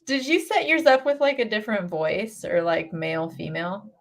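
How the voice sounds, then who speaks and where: A woman's voice: mid-range voice, moderate pace, creaky. A woman co-hosting a radio show, chatting casually, telling stories and laughing easily. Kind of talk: casual morning radio banter. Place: radio studio.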